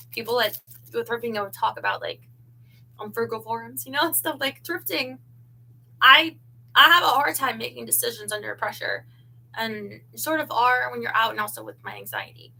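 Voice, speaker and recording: A woman's voice: a little high, expressive, fairly quick, gravelly, bright, forceful tone, breathy edge, low-quality recording. A woman hosting a casual livestream, chatting loosely with lots of fillers as she looks through clothes. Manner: chatty, giggly, fillers like "um" and "you know". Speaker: livestream host. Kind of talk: casual chat while unboxing clothes.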